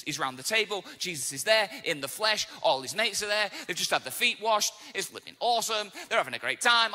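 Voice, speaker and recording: A man preaching a sermon as pastor, telling stories with casual asides and lively acted quotes. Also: high voice, brisk, long reverb tail. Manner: animated storytelling, casual asides. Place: church auditorium.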